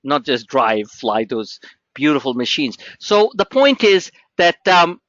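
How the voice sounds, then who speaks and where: A man's voice: medium pitch, big pitch swings, measured pace, fairly bright tone, dry recording, muffled recording. A man hosting a live trading webinar, rambling and joking informally, with many restarts and asides.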